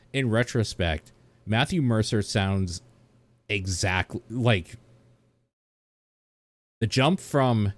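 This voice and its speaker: Low-voiced man chatting loosely. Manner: chatty, rambling, laughs often. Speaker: reaction video host. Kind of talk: casual reaction commentary.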